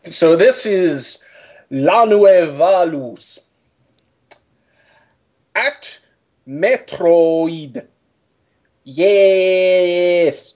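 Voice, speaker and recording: A man's voice: high-pitched, very slow, long pauses, a little mellow. A man on a comedy podcast panel, reading a comment aloud in a put-on broken-English accent.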